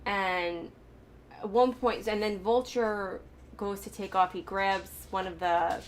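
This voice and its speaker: A woman's voice: medium pitch, fairly even intonation, slow, slight background noise. A woman hosting a casual movie reaction chat, talking in a rambling way with lots of fillers, restarts and laughter. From United States. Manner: chatty, laughs often, many fillers and restarts. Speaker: host.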